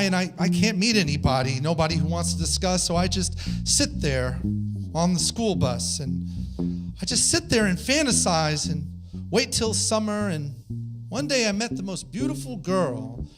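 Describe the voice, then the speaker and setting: A man performs comic rap poetry on a small stage, his voice pitched high as he slides between speaking and singing. His delivery stays rhythmic and rhyming, and a live band plays clearly behind him. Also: animated, moderate pace, music in the background. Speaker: spoken word performer.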